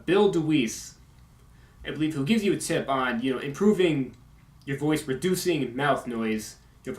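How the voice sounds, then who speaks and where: A young man talks casually to his viewers, stopping and restarting with plenty of fillers. His voice sits a little high, and his S sounds come out sharp and hissy. The room around him is echoey. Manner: halting, many uh and you know fillers; strong S sounds. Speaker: YouTube video maker. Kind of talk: casual update talk.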